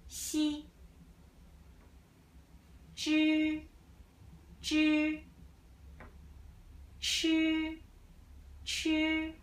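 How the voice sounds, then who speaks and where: A woman's voice: on the high side, a bit bright. A woman teaching a Mandarin lesson patiently, repeating each sound twice in simple English. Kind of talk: slow language lesson. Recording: echoey room.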